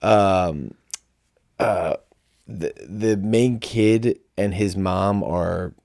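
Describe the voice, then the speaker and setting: A man's voice: deep voice, very slow, vocal fry, a little mellow, no room sound, studio quality. A man co-hosting a podcast in casual chat, laid-back and swearing freely. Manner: laid-back, swearing, mimics voices when retelling. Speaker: podcast co-host.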